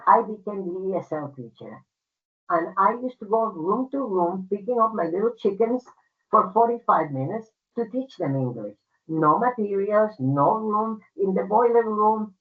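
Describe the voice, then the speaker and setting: Older Puerto Rican-accented woman, emphatic personal storyteller, tinny phone-like audio. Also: medium pitch. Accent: Puerto Rican Spanish. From Puerto Rico. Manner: emphatic, conversational, frequent fillers. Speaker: guest speaker.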